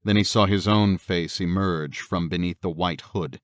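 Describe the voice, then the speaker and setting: A man narrating a horror audiobook in a measured, steady storytelling manner. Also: low-pitched, dry recording.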